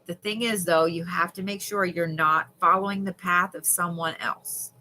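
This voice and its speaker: A woman's voice: on the low side, fairly even intonation, normal speed, pushed and bright, a little hiss or hum. A woman, doing live card readings and chatting candidly with viewers, swearing casually. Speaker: tarot card reader on a livestream.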